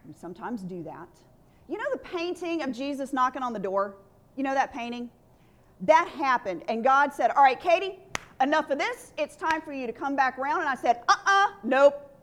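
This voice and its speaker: A woman's voice: high voice, fairly bright tone. A woman pastor preaching a sermon in an earnest, conversational way, leading the congregation in call-and-response.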